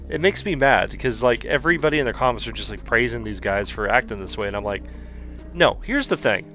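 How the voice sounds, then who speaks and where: A man's voice: medium pitch, fairly bright tone. A young man from the American South, hosting a profane, heated commentary rant. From Southern United States. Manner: heated, exasperated, heavy swearing. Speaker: commentary channel host.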